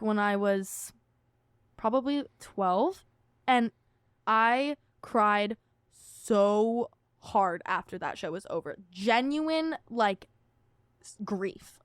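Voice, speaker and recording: A young woman co-hosting a podcast, telling stories in a lively, animated way. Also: fairly high pitch, clean tone, no room sound, clean studio sound. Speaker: podcast co-host. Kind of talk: casual chat.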